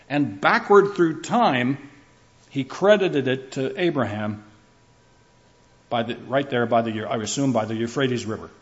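A man's voice: on the high side, lo-fi sound. A man preaching a sermon, building his points through rhythmic lists and shifts in emphasis. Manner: emphatic, rhythmic lists with rising and falling delivery.

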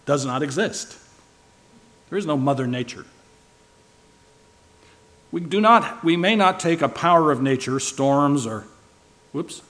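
A man preaching a sermon, his voice a touch higher than most men's. He leans hard on key words and swings between loud and soft to drive each point home, checking in with rhetorical questions. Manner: emphatic, shifting loud and soft for stress; asks the listeners rhetorical questions.

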